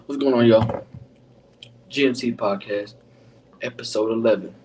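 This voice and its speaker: A young man hosts his podcast intro in a mid-range, darkish voice at a moderate pace, laid-back and rambling with slangy talk and frequent fillers. The poor audio was recorded from a distance and has a little hiss or hum.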